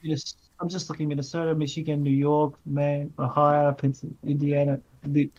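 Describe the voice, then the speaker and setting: Joking Australian man, fairly high voice. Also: completely flat delivery, moderate pace, darkish tone, dull audio. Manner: joking, teasing, playful. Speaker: podcast co-host. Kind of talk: casual chat.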